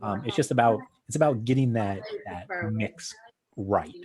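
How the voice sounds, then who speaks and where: A man hosting a casual virtual wine tasting over a video call, relaxed and rambling, with many fillers and restarts. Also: lowish voice, moderate pace, a crowd in the background.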